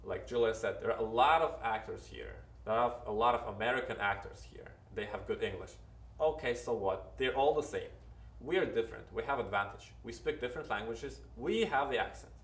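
Picked up by a distant mic in an echoey room, a Ukrainian-accented actor speaks a little fast in a mid-range voice. During this casual interview he offers sincere advice, often breaking off and starting sentences over.

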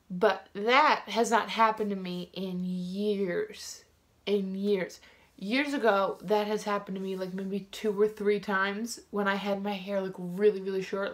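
A woman vlogger telling a story to camera in a casual, rambling way, full of "like" fillers and restarts, frank and indignant. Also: medium pitch.

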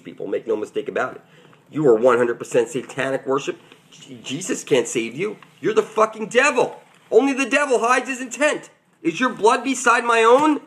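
Man host, raised pitch, emphatic preachy ranter who keeps calling out to his viewers. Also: lively intonation, moderate pace. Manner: rambling, swings between loud and muttered. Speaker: channel host. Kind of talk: conspiracy rant to camera.

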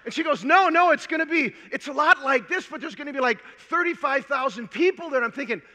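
An older man from Minnesota giving a conference talk, telling a personal story in an animated, humorous way before a large audience. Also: extremely high pitch, fast talker. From Minnesota, USA. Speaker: conference speaker. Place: large hall. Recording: long hall reverb.

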